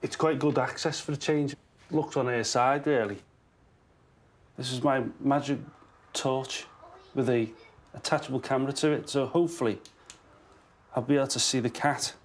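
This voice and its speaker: A man's voice: fairly even intonation, moderate pace, long pauses, slight background noise. Chatty man coaxing a cat. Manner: chatty, coaxing the cat in a high sing-song. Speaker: animal welfare officer. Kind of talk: casual on-location talk. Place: indoors in a house by a chimney. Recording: on-location audio with loud music underneath.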